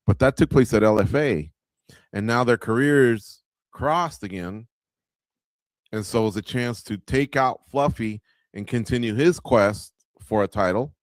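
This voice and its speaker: A man's voice: on the low side, dry recording, studio quality. A man hosting a live watch-along of a fight night, breaking down the action in a loose, conversational way and speaking straight to the viewers. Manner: conversational, talks to viewers, lots of filler words. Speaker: radio show host.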